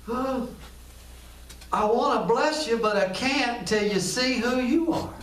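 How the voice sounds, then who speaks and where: A patient male angel speaking gently and earnestly, as a preacher voices him, somewhat higher in pitch than most men. The voice sounds roomy and distant from the mic. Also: a little slow. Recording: echoey room, distant mic.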